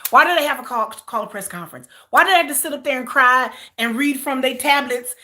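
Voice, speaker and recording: A woman vlogger talks straight to her audience in a loose, exasperated rant. Her voice is bright and sits a little high, and she keeps repeating herself as she vents. Now and then she breaks off to answer comments from viewers. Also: a little fast, few pauses. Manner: animated, exasperated ranting with frequent repeats. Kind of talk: casual chat.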